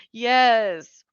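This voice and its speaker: A woman's voice: fairly high pitch, clear, resonant tone, dry recording, highs cut off. A woman hosting a casual live stream, greeting viewers by name and laughing often.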